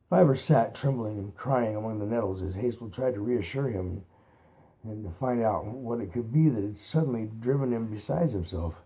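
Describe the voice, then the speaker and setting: A man reading a novel aloud at an unhurried pace, correcting his slips as he goes. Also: lowish voice, warm tone. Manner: unhurried, re-reads stumbles aloud. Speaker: reader.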